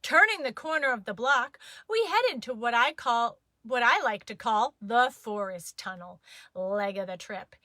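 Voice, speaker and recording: A woman reading a children's story aloud, playful and expressive. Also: a little high, moderate pace, no room sound.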